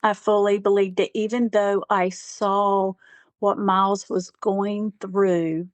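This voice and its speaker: Slow-talking woman, earnest caregiver. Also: mid-range voice, little pitch movement, dry recording. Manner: halting, many "you know" fillers; earnest, faith-driven. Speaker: guest, caregiver. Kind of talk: conversational interview.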